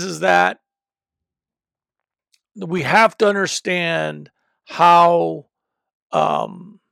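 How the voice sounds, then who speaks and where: A man's voice: high-pitched, creaky, fairly bright tone, no room sound, studio quality. A man preaching a teaching sermon, emphatic, often repeating and restarting phrases as he works through a point. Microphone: microphone.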